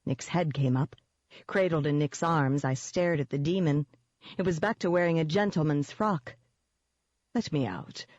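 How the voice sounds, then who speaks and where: An audiobook narrator tells a first-person fantasy story at a steady, even pace. The voice sits in a middle pitch and moves evenly through the text. The recording is dry, with a slightly muffled, lo-fi tone. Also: normal speed, dry recording.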